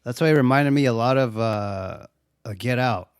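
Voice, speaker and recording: Young male co-host, casual profane movie-recap chat, middle pitch, dry close mic. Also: moderate pace, clear, resonant tone, dry recording. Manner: laid-back, swears a lot, acts out quotes. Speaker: podcast co-host.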